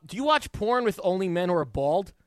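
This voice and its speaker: A man's voice: high-pitched, big pitch swings, brisk, dry recording. A man co-hosting a radio show, teasing the others in jokey banter. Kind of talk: casual studio banter.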